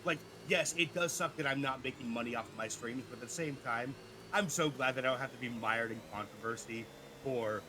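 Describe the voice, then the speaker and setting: A man co-hosting a casual gaming chat, animated and joking, tripping over his words. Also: medium pitch, fairly quick, background noise. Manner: animated, joking, stumbling restarts. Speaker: gaming video co-host and streamer.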